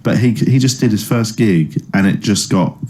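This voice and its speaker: A man's voice: on the low side, moderate pace, crowd noise. A comedian in his thirties, a man chatting casually in an interview, telling stories with lots of fillers and restarts. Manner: rambling storyteller with many fillers and restarts. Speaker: comedian guest. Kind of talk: casual anecdotal chat.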